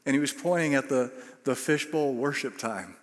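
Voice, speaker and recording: A man preaching from the pulpit, telling his story in an easy, mid-pitched voice that swells into emphatic bursts. His words ring out with the long reverb of a church hall. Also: moderate pace. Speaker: pastor. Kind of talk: sermon. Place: church sanctuary.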